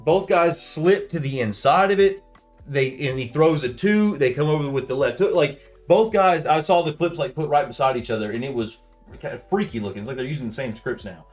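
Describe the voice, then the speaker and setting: A man's voice: fairly high pitch, brisk, soft background music. A man co-hosting a podcast in casual chat, loose and profane, often dropping into exaggerated impressions. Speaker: podcast co-host.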